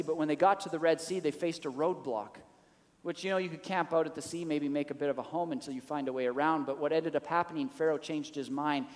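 Male pastor, higher register, animated sermon delivery in a reverberant hall. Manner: animated preaching, acts out quoted lines with rising pitch.

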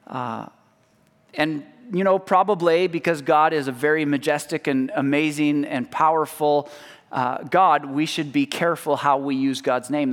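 A man preaching a sermon as pastor, slow and emphatic, letting phrase ends drop low. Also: a bit bright. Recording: long hall reverb.

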